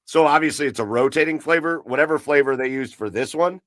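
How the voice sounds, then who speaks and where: A man co-hosting a casual podcast from his garage, chatting in a relaxed, rambling way and gushing about beer. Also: a little high, fast talker, no echo. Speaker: podcast co-host. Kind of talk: casual chat. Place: home garage.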